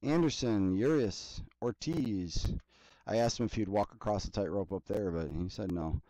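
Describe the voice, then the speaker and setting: A man hosting a card break, reading player names in a steady list between casual chatty asides. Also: fairly low pitch, moderate pace, no echo, poor audio. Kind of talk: casual running commentary while opening card packs.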